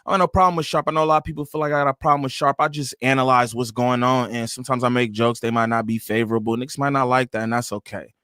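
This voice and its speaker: A man's voice: mid-range voice, flat delivery, very fast, hardly any pauses, fairly bright tone, dry recording, clean studio sound. A man hosting a reaction channel, giving joking, slangy commentary. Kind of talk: casual commentary.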